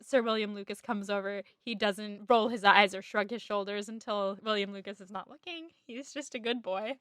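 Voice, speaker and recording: A woman's voice: mid-range voice, steady tone, moderate pace, fairly bright tone, clean tone, dry recording, clean studio sound. A woman co-hosting a casual book-club podcast, giggling, sighing and gushing as she recaps the chapters. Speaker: podcast co-host.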